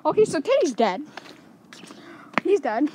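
A woman filming a casual outdoor vlog, joking excitedly and often raising her voice. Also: high voice, unhurried. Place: outdoors on a street. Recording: outdoor mic with loud street noise.

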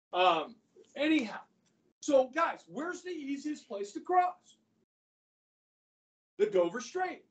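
A male history teacher lecturing his class, telling the story in an animated way and often calling the students "guys". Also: extremely high pitch. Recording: echoey classroom from far off.

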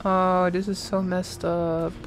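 A young woman streaming a video game, reacting with loud, playful outrage and frequent yelling and laughter. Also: fairly low pitch, flat delivery, slow pace, over music.

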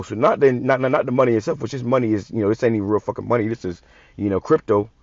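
A man preaching from scripture, reading verses slowly and then commenting in blunt, profane street talk with many repeated words. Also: medium pitch, fairly even intonation, dry recording, muffled recording. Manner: reads verses slowly and louder. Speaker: online preacher.

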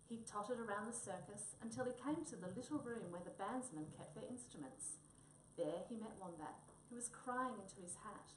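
A woman's voice: mid-range voice, slight background noise. A woman reading a children's story aloud, recorded in a roomy space from a distance. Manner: expressive storytelling. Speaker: reader. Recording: roomy, distant mic, faint ambience.

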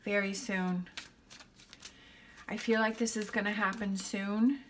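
A woman reading tarot at a slow, easy pace, gently reassuring her viewers. She thinks aloud as she goes and keeps checking in with them. A faint hiss sits under her voice. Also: medium pitch, little pitch movement. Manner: reassuring, often checks in with "okay?". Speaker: tarot reader.

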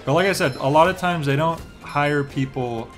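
A young man with a fairly high voice chats at a moderate pace during a relaxed game stream. Soft music plays underneath as he rambles and uses lots of filler words.

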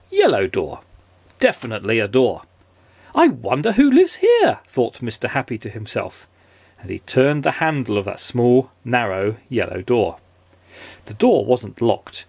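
A man's voice: medium pitch, creaky, darkish tone, husky, no room sound. A father reading a children's story aloud in a playful, sing-song way.

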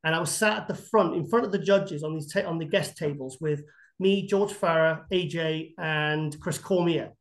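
A man with a high-pitched voice talks in a podcast interview. He rambles through lively anecdotes, restarting sentences and filling gaps with "um" and "you know.". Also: moderate pace. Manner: animated, rambling anecdotes with many fillers and restarts. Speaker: bodybuilding guest expert.

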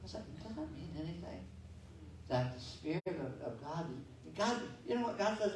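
Folksy pastor preaching in an echoey church. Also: male voice, high-pitched, very animated, normal speed, a little hiss or hum. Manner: folksy, conversational preaching with restarts and asides. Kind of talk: sermon. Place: church sanctuary. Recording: echoey church sanctuary from far off.

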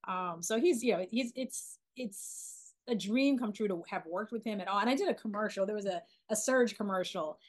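A woman in her forties from Philadelphia, a documentary filmmaker being interviewed, talking in an animated way with many restarts and fillers. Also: medium pitch, normal speed, few pauses. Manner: animated, lots of restarts and "you know". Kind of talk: casual interview storytelling.

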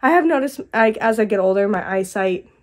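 A young woman with a stuffy head cold, chatting casually to her vlog audience from a quiet house and rambling as she thinks aloud. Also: mid-range voice, animated, fairly quick. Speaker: vlogger and mother. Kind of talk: casual vlog talk to camera.

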